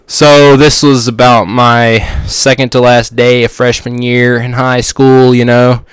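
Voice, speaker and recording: A man's voice: mid-range voice, level tone, measured pace, clean tone, no room sound. A man hosting a podcast, telling a goofy story in a rambling way and restarting his sentences. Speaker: podcast host. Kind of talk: casual storytelling monologue.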